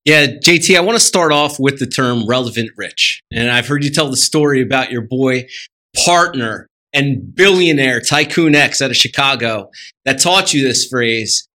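A man's voice: mid-range voice, animated, moderate pace, sharp tone. A man co-hosting a radio talk show, asking a guest a question casually. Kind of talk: radio interviewing. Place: radio studio.

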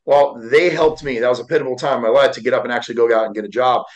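A man's voice: medium pitch, steady tone, very fast, muffled recording. Man in his 40s, motivational guest, emotional storytelling, lots of "you know" and "uh". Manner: candid and heartfelt, with frequent fillers. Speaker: guest, motivational speaker and author.

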